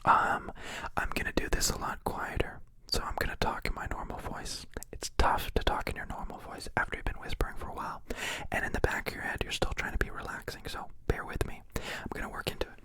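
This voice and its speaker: A young man chatting in a soft whisper on an ASMR live stream, rambling and joking as he answers viewers' questions. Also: fast. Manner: rambling, jokey, confessional.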